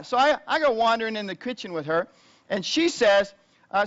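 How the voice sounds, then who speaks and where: High-voiced male pastor preaching. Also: expressive, moderate pace, lo-fi sound. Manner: conversational, rising loud and high when retelling tense moments. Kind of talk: sermon with personal storytelling.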